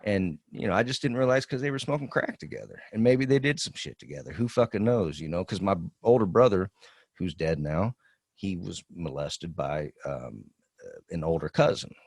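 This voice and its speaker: A man's voice: sits low, moderate pace, vocal fry, dry recording, clean studio sound. A man in his forties, a podcast co-host, telling a long profane story in casual chat. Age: 40s. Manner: profane, rambling storytelling with animated quoted voices.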